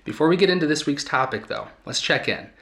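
A man hosting a reflective talk, a therapist speaking earnestly to his audience and pausing often to find his words. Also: on the high side, lively intonation, vocal fry, fairly bright tone. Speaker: host and therapist.

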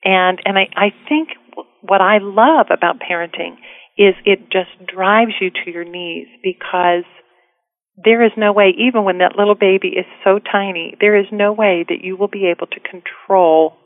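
A woman's voice: medium pitch, normal speed, dry recording. Woman, middle-aged, interview guest, heartfelt, dry, phone-line audio. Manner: earnest, heartfelt storytelling. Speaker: author guest. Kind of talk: casual interview chat.

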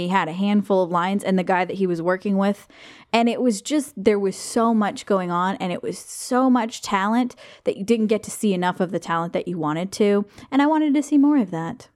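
A woman hosting a casual movie review podcast, quick-witted and wry as she steers the talk. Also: medium pitch, a little mellow. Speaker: podcast host.

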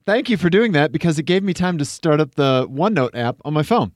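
A man's voice: a little high, lively intonation, no room sound, studio quality. A man co-hosting a podcast, chatting casually, laughing often and riffing on jokes. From Denver area. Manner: laughing, playful, quick riffs. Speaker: podcast co-host. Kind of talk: casual chat.

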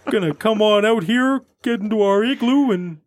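A man's voice: sits high, moderate pace, no room sound, clean studio sound, voice pushed up. A man putting on an exaggerated folksy Canadian man, hammy and laughing between phrases.

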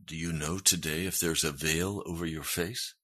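A man's voice: a bass voice, fairly even intonation, moderate pace, fairly bright tone. A man preaching a sermon as a pastor, earnest and emphatic, pressing his points hard.

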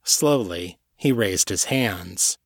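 A man narrating a novel chapter in scripted audiobook style, with a measured, even delivery. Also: low-pitched, gravelly, no echo, clean studio sound.

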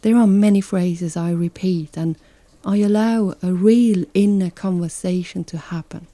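Slow, mellow-voiced reflective woman. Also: on the low side, no echo. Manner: slow, calm and reflective, with soft whispered asides. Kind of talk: reflective spoken narration.

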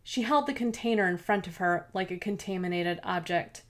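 A woman narrates a novel in a steady, measured way, her voice sitting on the lower side. The reading is scripted audiobook narration, even and unhurried.

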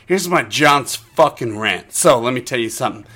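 A tipsy man co-hosting a casual podcast, ranting loudly and swearing a lot. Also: medium pitch, expressive, moderate pace. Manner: profane, loud, ranting. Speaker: podcast co-host. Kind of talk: casual drunken rant.

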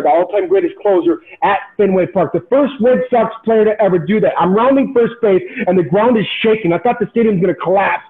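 Intense high-voiced man telling a story. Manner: animated, intense, motivational, repeats words when excited. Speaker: podcast guest, former pro baseball player. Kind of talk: storytelling in casual interview. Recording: tinny phone-like sound.

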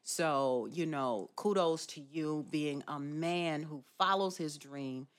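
A woman's voice: low-pitched, takes it slowly. A woman hosting a podcast, talking in an earnest, encouraging way with many fillers. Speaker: podcast host. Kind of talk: casual chat.

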